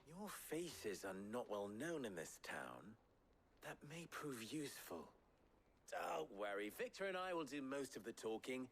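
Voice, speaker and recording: An actor playing a wise, calm innkeeper in a video game, speaking deliberately and thoughtfully. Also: male voice, medium pitch. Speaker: game character.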